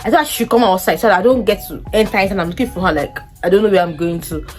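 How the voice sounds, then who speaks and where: A young woman with a Nigerian English accent telling a personal story to her vlog audience, lively and acting out what people said. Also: rapid-fire, soft background music. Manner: animated, acts out quoted dialogue in a much higher voice. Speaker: vlogger. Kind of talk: casual storytelling.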